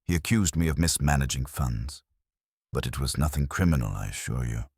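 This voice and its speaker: A man's voice: very deep voice, expressive, a little fast, darkish tone, husky, no room sound, studio quality, heavily acted. A man reading a nervous, breathless businessman who stammers his denials.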